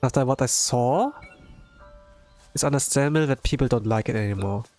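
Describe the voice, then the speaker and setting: A man giving casual, rambling commentary as he plays a game, filling his talk with "like" and bursting out with excitement. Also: medium pitch, a little fast, soft background music. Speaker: streamer.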